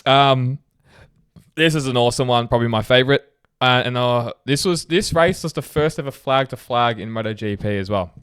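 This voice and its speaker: A man's voice: mid-range voice, brisk, a bit bright, clean tone, dry recording, clean studio sound. A young man co-hosting a podcast, chatting casually, reading out fan comments and swearing freely. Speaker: podcast co-host. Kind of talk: casual chat.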